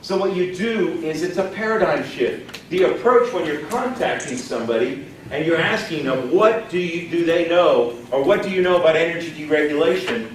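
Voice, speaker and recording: A man's voice: on the high side, lively intonation, moderate pace, hardly any pauses, a little hiss or hum. A man leading a live sales training, folksy and emphatic, often quizzing the audience. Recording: echoey room, distant mic.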